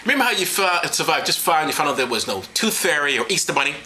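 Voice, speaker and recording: A man's voice: fairly high pitch, sing-song, quick pace, bright, forceful tone, a little hiss or hum, low-quality recording. A man reading scripture aloud as comedy, sarcastic and profane, stumbling and laughing over the text. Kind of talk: irreverent comedic Bible reading.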